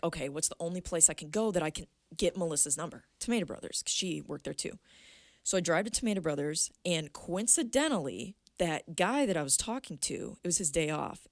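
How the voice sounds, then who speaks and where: Young woman guest, low voice, dry close sound, lively storyteller who swears. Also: no room sound. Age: 20s. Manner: animated, acts out quoted voices, swears freely. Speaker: podcast guest. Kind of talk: casual storytelling.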